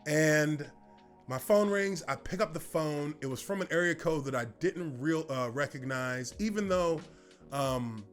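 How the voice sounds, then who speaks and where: Relaxed rambling man telling a story. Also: on the high side, measured pace, faint music behind. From United States. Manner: relaxed, rambling with many fillers. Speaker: former football player telling his story. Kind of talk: casual storytelling.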